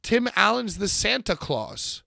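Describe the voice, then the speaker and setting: A man co-hosting a casual podcast, joking loudly and swearing freely. His voice is bright and gravelly, with a fairly high pitch. The sound is dry and close. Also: very animated, unhurried, no echo. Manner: loud, joking, profane banter. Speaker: podcast co-host. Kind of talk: casual chat.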